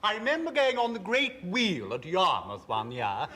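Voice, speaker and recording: A man's voice: sits high, wildly swooping pitch, normal speed, pushed and bright. A man playing a radio panel game, playful and mock-genteel in his banter. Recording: hissy old radio recording with audience.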